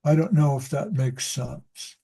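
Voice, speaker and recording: Unhurried and expressive, a man's slightly high voice comes across gravelly, warm and a bit rough. He teaches reading and talks loosely in a casual group discussion, a rambling storyteller who often cuts in on himself and starts sentences again.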